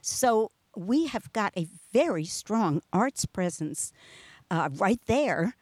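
A woman's voice: mid-range voice, lively intonation, slow pace, darkish tone, no room sound. Chatty New York woman host. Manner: chatty, laughs often, restarts sentences. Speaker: radio show host. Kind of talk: casual interview chat.

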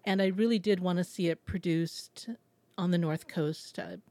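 Woman theater director, reflective talker, lower pitch, dry studio sound. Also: steady tone, moderate pace, mellow, no echo. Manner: thoughtful, retells at length with small restarts. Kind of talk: casual radio interview.

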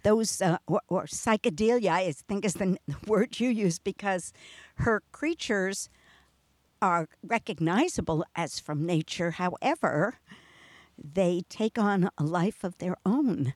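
A woman with a New York accent hosting a casual interview, chatty and quick to laugh. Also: medium pitch, lively intonation, darkish tone, no echo. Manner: chatty, laughs often, restarts sentences. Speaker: radio show host.

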